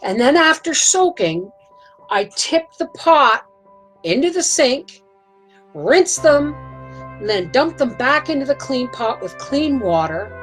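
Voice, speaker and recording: A woman's voice: sits high, very animated, slow, soft background music, rough recording. A woman vlogging from her homestead, telling a rambling, emotional story in a folksy, chatty way. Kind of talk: casual storytelling to camera.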